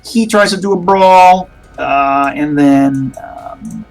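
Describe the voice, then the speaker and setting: A man's voice: a little high, takes it slowly, gravelly, a little mellow, faint music behind, rough recording. A man running a tabletop horror game as game master, narrating in a rambling way with many restarts.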